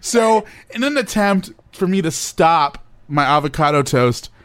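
A young man co-hosting a casual chat show, telling a story in an animated, laughing way with playful overacting. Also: a little high, a little slow. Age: young adult. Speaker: podcast co-host.

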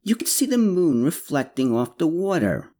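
A male narrator voicing a kind, gentle young woman who speaks softly and a little hesitantly. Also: on the high side, big pitch swings, moderate pace, pitched above the performer's own voice. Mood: warm.

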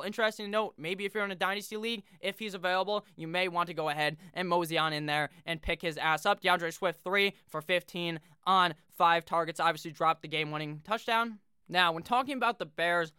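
A man's voice: high voice, sharp tone, smooth, dry recording, studio quality. A man giving a casual, brash fantasy football recap, joking and swearing freely. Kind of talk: casual profane sports recap.

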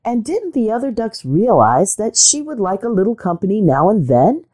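A woman reading a fairy tale aloud as the narrator, gentle and expressive. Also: mid-range voice, normal speed. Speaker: storyteller. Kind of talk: storybook reading.

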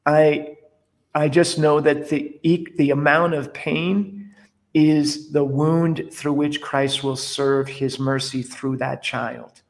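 A man's voice: on the high side, slow. A man, a priest, animatedly telling stories in an interview and acting out the dialogue. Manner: animated storyteller, acts out dialogue. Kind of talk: interview conversation.

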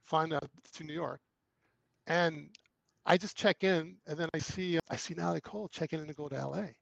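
An actor appearing as a guest tells anecdotes in casual conversation, animatedly acting out the lines he quotes. His voice is gravelly and fairly high, at normal speed, on a rough recording.

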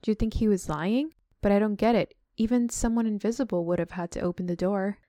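A woman retells a book on a casual podcast. She mixes read-out passages with quick asides to her co-hosts. Her voice sits mid-range and close to the mic in a dry, deadened space. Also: mid-range voice, mellow, no room sound. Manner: summarizes and reads aloud, breaks off to chat and laugh.

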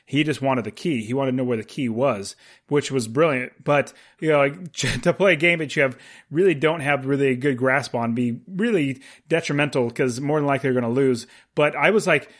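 An American man co-hosts a casual film podcast, rambling along with frequent fillers and laughs. His voice is medium-pitched, a touch bright, and a little fast.

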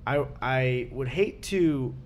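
A young man hosting a podcast, chatting casually and swearing with animated energy. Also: medium pitch, slow, slight background noise. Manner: animated, swearing, laughing storyteller. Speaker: podcast host. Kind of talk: casual chat.

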